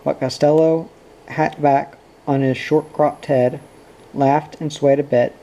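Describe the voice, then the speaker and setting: A man reading a novel aloud in an unhurried, even storytelling delivery. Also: a little high, rough recording. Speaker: reader. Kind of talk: audiobook narration of a novel.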